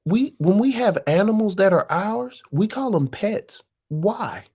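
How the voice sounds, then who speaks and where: A woman's voice: mid-range voice, expressive, measured pace, dark tone, husky. Profane woman firing rhetorical questions. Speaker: live-stream host. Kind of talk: casual live-stream monologue.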